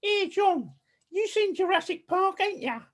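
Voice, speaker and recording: A man's voice: very high-pitched, expressive, unhurried, pitched above the performer's own voice. A man imitating a brash young woman producer with an Essex accent, chirpy and coaxing. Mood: cheeky. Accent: Essex, put on.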